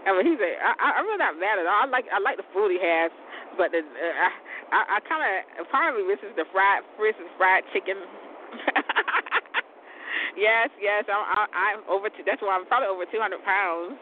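An animated man hosts his own show at normal speed, chatting loosely and rambling, often laughing and cursing mildly. Tinny, phone-like audio carries the rumble of a vehicle.

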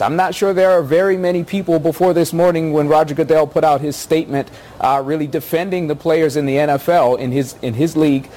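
A man's voice: mid-range voice, a little mellow. A man giving thoughtful political analysis on a news panel, with frequent hesitations. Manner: thoughtful, with many uh fillers. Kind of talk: measured news panel commentary.

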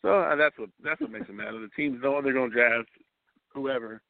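A man's voice: mid-range voice, a little fast, gravelly, no room sound. Guy calling in about football, goofy stories, sounds like a phone call. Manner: animated storyteller, does voices of friends. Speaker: caller. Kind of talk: casual sports talk. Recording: tinny phone line.

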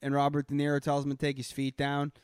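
A man's voice: fairly high pitch, monotone, quick pace, a little mellow, smooth, no echo, studio quality. A man with a Boston accent co-hosting a podcast in crude, profane, rambling casual chat. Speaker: podcast co-host.

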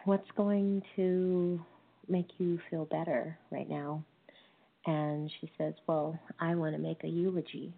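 A woman in her thirties gives a dharma talk as a lay minister, telling a family story with gentle, wry humor. She speaks slowly in a somewhat low voice. The recording is thin and phone-like. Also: little pitch movement, vocal fry. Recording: tinny phone-like sound.

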